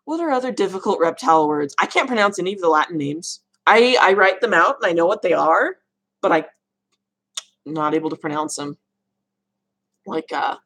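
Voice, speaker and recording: Chatty low-voiced woman, lively pitch. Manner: chatty, rambling, laughs at her own mispronunciations. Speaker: reptile keeper answering live chat questions. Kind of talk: casual livestream chat.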